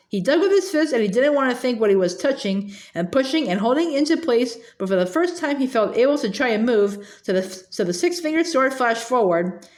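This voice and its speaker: A woman reading a novel aloud, halting often with fillers and restarts. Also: fairly high pitch. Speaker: reader.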